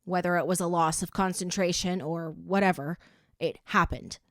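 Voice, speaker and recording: A woman narrating an audiobook in a steady, even reading voice. Her pitch sits a little low. The recording is dry and close, with no room sound. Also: normal speed, no echo. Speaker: audiobook reader.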